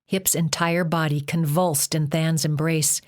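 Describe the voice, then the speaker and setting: Slow, low-voiced woman narrating. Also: little pitch movement. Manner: slow, measured reading. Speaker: audiobook narrator. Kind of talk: scripted narration.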